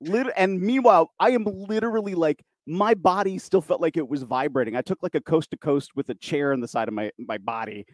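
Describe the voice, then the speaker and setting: A man's voice: a little high, a little fast, few pauses, dry recording, clean studio sound. A man, a wrestling commentator, chatting casually and rambling through his stories while voicing others in quotes. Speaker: podcast host, wrestling commentator. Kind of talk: casual storytelling chat.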